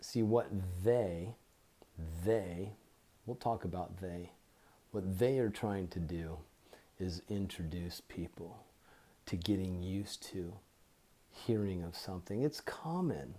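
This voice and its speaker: Slow, low-voiced man teaching scripture. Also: dark tone. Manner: slow and deliberate, repeats and spells out key words. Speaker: Bible teacher. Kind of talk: informal Bible teaching to camera. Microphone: phone.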